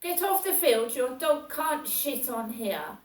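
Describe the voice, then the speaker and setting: A man's voice: very high voice, expressive, moderate pace, far from the mic. A woman mimicking a bossy, posh man who orders her off a field, in an echoey room away from the mic.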